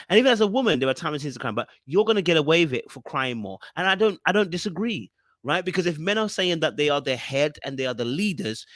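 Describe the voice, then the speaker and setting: A man's voice: fairly high pitch, a bit bright, no echo, clean studio sound. A young man hosting a podcast, giving an emphatic casual monologue and often checking in with his listeners. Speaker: podcast host reviewing a reality show.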